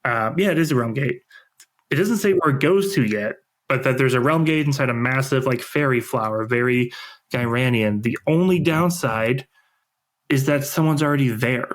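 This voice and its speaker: A man co-hosting a podcast, summarizing the story in an easygoing casual lore chat with relaxed slang. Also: mid-range voice, normal speed. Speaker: podcast co-host.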